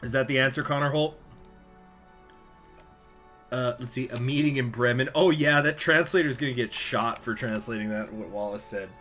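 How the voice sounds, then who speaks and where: A man hosting a live game stream, reading the game's event text aloud in a plain mid-pitched voice. Between passages he turns to his chat with laughing, crude asides, while game music plays faintly behind him. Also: moderate pace, pauses often, pushed and bright. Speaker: streamer playing a strategy game.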